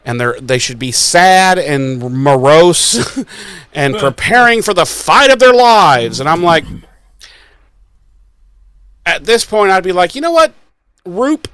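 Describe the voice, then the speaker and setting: Slow and full of pauses, this podcast co-host speaks in a fairly high, expressive voice that's smooth, a bit bright, and echo-free. He's crude and exasperated as he recaps a show casually, performing what the characters said.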